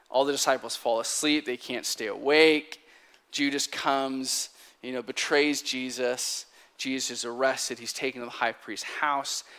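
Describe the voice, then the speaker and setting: A man preaching a sermon, retelling a story in an animated, conversational way. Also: medium pitch, smooth.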